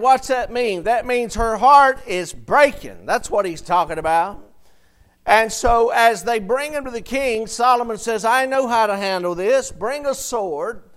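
High-voiced, unhurried man preaching a sermon. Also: fairly bright tone, clear, resonant tone. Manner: preaching with call-and-response and retelling scripture in plain words; reads King James verses aloud.

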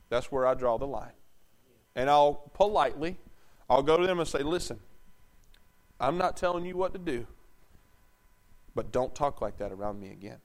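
A man preaching a sermon, asking the congregation questions and swinging between loud bursts and low, intense talk. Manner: emphatic, call-and-response questions to the congregation.

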